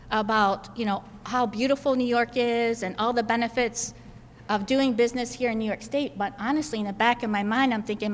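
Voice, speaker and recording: A woman delivers a floor speech, hammering each point home by repeating it. Her voice sits a little high. It rings out with a long echo across a large chamber. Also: a bit bright. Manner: emphatic, repeats points for stress. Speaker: state senator.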